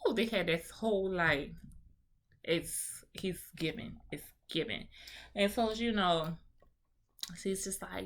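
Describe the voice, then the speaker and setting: A woman giving a sassy, animated recap of a reality show, acting out the people she quotes. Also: lowish voice, slow, long pauses. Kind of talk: casual recap commentary.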